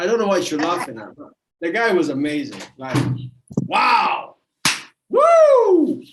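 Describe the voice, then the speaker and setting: A man hosting an online program, addressing viewers in a casual, chatty way and often trailing off softly. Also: on the high side, noisy background.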